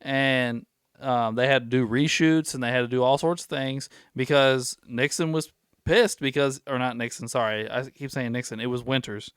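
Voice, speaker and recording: A man's voice: medium pitch, fairly even intonation, moderate pace, smooth, no echo, clean studio sound. A man hosting a casual podcast, telling stories at length and acting out what people said. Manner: rambling storyteller, acts out quotes. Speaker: podcast host.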